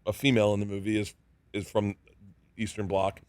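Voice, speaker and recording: A comedian telling lively stories in a studio interview, laughing and acting out the other people in them. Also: male voice, on the low side, fairly quick, dry recording. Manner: animated, laughing, acts out voices in his stories. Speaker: comedian guest. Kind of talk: casual storytelling interview.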